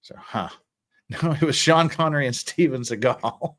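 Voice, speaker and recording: Fairly high in pitch and measured in pace, this American man hosts a casual livestream. He reads chat, rambles in a lively manner, chuckles often, and frequently restarts words.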